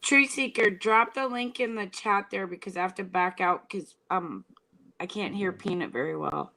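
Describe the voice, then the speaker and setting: Raspy-voiced woman chatting online. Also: medium pitch, moderate pace, sharp tone, poor audio. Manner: chatty, asks the chat for opinions. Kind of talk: casual group chat.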